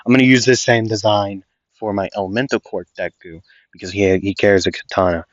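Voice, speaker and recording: A man's voice: lowish voice, steady tone, a little fast, no room sound, muffled recording. A young man casually improvising a fan story, rambling with many fillers and restarts.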